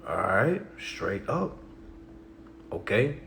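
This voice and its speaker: A man hosting a casual livestream, talking emphatically and tagging his points with all right and okay, shifting from low-key talk to loud animated bursts. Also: very slow, gravelly, slight background noise. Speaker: livestream host.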